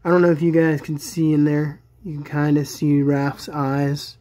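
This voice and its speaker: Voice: mid-range voice, completely flat delivery, normal speed, dark tone. Chatty, enthusiastic toy reviewer. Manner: chatty and enthusiastic, many fillers. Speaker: toy collector reviewing action figures. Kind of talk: casual product review vlog.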